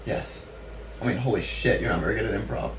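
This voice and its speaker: A man's voice: lowish voice, fast. Teasing man on a distant podcast mic. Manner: teasing, crude, laughs often. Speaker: podcast host. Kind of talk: casual joking chat. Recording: roomy, distant mic with faint noise.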